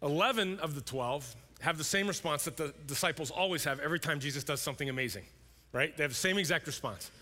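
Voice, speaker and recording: A male pastor preaching a sermon in a conversational, animated way, sometimes acting out voices. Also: a little high, fast talker. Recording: long hall reverb.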